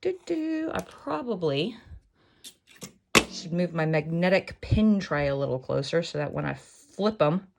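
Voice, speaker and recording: A woman's voice: sits low, lively intonation, unhurried, vocal fry, heavy background noise. A woman hosting a casual sewing tutorial, rambling and joking at her own expense as she works. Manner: rambling, self-mocking, jokey asides. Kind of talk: casual chatty craft tutorial.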